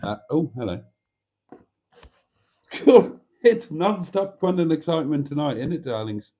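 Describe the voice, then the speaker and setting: Theatrical man, lively mellow voice. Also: a little high, a little slow, slightly rough. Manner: theatrical, calls viewers darlings, mock-grand phrasing. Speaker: live-stream host. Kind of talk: casual live-stream chat reading viewer comments.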